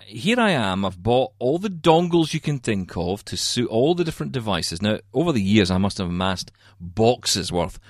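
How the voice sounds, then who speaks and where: Animated Scottish man ranting about tech. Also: on the low side, normal speed, hardly any pauses, dry recording, clean studio sound. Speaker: podcast host. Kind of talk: casual tech chat. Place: home studio.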